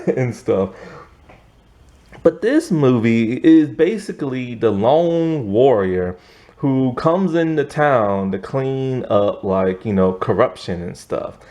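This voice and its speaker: A man's voice: medium pitch, big pitch swings, measured pace, dark tone. Young american guy rambling thru a movie review, lots of ums, voice bounces up and down a lot. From United States. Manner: rambling, hesitant, many fillers and restarts.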